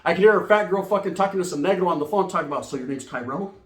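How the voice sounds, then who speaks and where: High-pitched man telling a rambling story. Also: racing, reverberant. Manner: profane, rambling, acts out voices. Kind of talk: casual comic storytelling.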